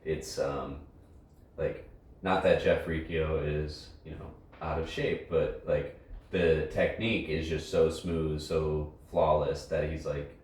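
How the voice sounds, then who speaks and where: A man's voice: a bass voice, steady tone, slow pace, darkish tone. A man who judges dog trials, talking casually and rambling a little, swearing freely. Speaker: trial judge and decoy trainer. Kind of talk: casual chat. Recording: roomy echo, distant mic, faint noise.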